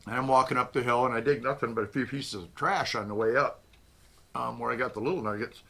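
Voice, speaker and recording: Older man, folksy storyteller, rambling, chuckles a lot, bright forceful voice. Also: mid-range voice, fast talker, creaky. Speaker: host. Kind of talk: casual reminiscing storytelling.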